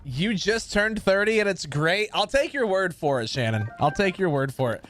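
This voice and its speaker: A man's voice: sits high, very animated, normal speed, a bit bright, faint music behind. A man in his thirties, a livestream gamer chatting casually with viewers in a sassy, sarcastic way. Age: 30s. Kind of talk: casual stream chat with viewers.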